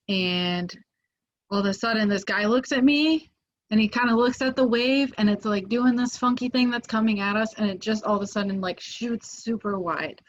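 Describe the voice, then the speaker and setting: A young woman telling a story as a podcast guest in a casual, animated way, full of filler words. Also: mid-range voice, a little hiss or hum. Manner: animated, many "like" fillers, acts out quoted voices. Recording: muffled lo-fi audio.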